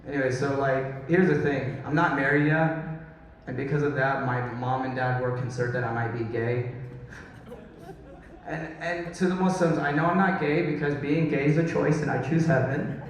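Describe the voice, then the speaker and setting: A man in his thirties from Dallas, Texas, telling self-mocking stories in a stand-up comedy set. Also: mid-range voice. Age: 30s. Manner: storytelling, self-mocking, quick asides to the crowd. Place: large hall, recorded from far off. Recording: very echoey hall, distant mic.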